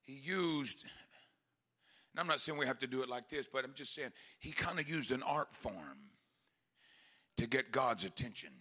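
A man preaching a Pentecostal sermon, moving from quiet, halting talk to shouted, impassioned calls. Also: mid-range voice, lively intonation. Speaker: pastor.

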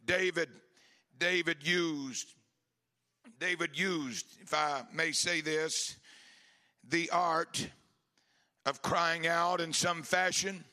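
A man preaching a Pentecostal sermon, moving from quiet, halting talk to shouted, impassioned calls. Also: a little high, steady tone. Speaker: pastor.

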